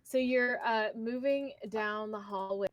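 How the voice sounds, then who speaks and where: A woman narrating as game master in a casual tabletop session, halting and relaxed with many fillers. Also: a little high, no echo.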